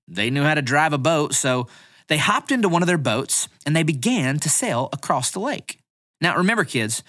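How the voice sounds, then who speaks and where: Kids' bible lesson host, super animated swoopy delivery, dry close sound, talks right to the kids. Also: medium pitch, dry recording. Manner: playful, dramatic, addresses kids directly. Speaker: children's bible teacher.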